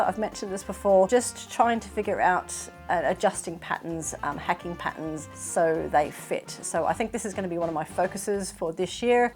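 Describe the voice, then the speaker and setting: Middle-aged australian woman, casual vlog chat, laughs often, faint music underneath. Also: fairly low pitch. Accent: Australian with some British influence. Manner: chatty, self-deprecating, laughs often. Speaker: sewing vlogger.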